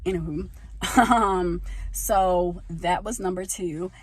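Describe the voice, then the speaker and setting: A young woman from the United States talking casually into a handheld phone, telling a personal story and getting louder as she gets passionate. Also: on the low side, slow pace, dry recording. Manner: animated, gets loud when passionate. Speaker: vlogger. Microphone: phone held in hand.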